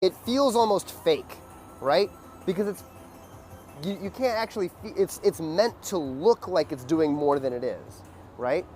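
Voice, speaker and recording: A man teaching a dance lesson in a loose, casual way, with many fillers and beat sounds like "boom.". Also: lively intonation, measured pace, darkish tone, faint music behind.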